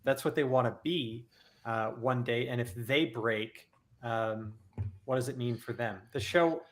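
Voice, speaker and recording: Man, mid pitch, casual fan chat, detailed lore explainer. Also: measured pace. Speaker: podcast panelist.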